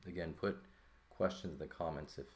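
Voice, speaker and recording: A man teaching a language lesson in a relaxed walkthrough, thinking aloud and often checking in with "right?". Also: rumbling low, brisk. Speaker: Greek teacher.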